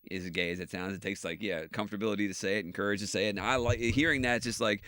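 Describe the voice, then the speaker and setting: A man's voice: fairly low pitch, steady tone, fast talker, pushed and bright, no room sound, clean studio sound. A man hosting a podcast, talking casually and swearing freely, sometimes turning earnest and reflective. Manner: laid-back, profane, drifts into earnest reflection. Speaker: podcast host.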